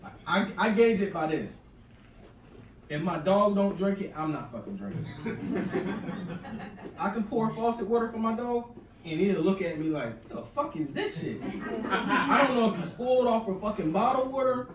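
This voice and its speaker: A man's voice: sits high, expressive, normal speed, long pauses, muffled recording. Brief: male stand-up comic, rambling profane bit, roomy distant club sound. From Maryland. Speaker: stand-up comedian. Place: comedy club stage. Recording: echoey club from a distance with noise.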